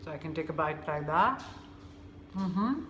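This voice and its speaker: A woman hosting a casual food vlog, unhurried and thinking aloud with many fillers. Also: sits low, lively intonation, sharp tone, roomy sound, muffled recording, slight background noise. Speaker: cooking vlogger.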